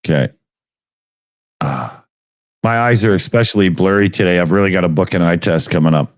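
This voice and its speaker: A man from Canada co-hosting a casual chat show, talking bluntly with plenty of swearing and lively storytelling. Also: deep voice, moderate pace, no echo, clean studio sound. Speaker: podcast co-host.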